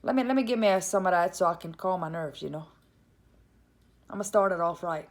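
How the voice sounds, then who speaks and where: A woman with a Cajun Louisiana accent telling a comic story in a casual, animated way, calling her listeners "y'all". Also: lowish voice, a little fast, long pauses.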